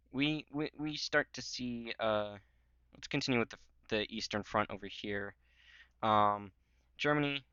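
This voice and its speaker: A man with a lowish, bright, crisp voice rambles casually over a history map. He fills the gaps with "um" and "like" and drops goofy jokes. The sound is slightly muffled and dry. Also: no echo. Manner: rambling, filler-heavy, joking. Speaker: history channel host.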